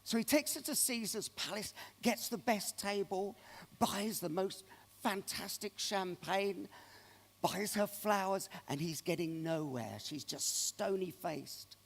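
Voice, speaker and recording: A man's voice: high voice, slow pace, vocal fry. A man giving a keynote speech, telling anecdotes to an audience in a large conference hall. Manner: animated anecdotal storyteller. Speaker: keynote speaker. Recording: long reverb of a large hall.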